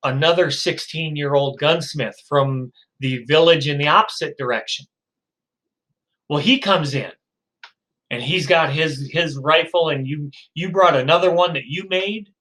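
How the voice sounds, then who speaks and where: A man's voice: fairly high pitch, a little slow, a bit bright, poor audio. A male lecturer telling a story to his class, acting out the characters in quotes, with frequent fillers and restarts. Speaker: psychology lecturer.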